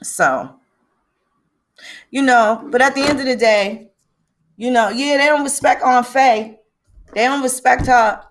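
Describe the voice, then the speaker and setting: A woman with a high-pitched voice talks in an unhurried way, pausing often. She's hosting a livestream, ranting with lots of profanity and greeting viewers by name.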